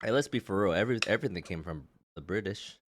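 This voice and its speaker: A man's voice: deep voice, animated, slight background noise. A man from the American South hosting a casual podcast, putting on a wobbly fake British-Australian accent and stumbling through restarts. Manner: halting, restarts often, laughs at himself. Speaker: podcast host.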